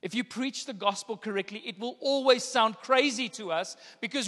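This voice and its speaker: A high-pitched male pastor delivers a sermon in an emphatic, repetitive style that keeps building in intensity. His voice rings out with a long reverb, as if he were in a large hall. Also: moderate pace, few pauses, pushed and bright.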